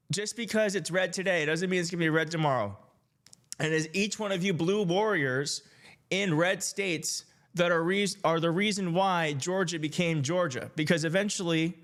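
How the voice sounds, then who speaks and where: A man from Michigan hosting a political live stream, chatting casually and excitedly with his viewers. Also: high voice. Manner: upbeat, hyped, addresses chat directly, laughs often. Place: home setup in D.C.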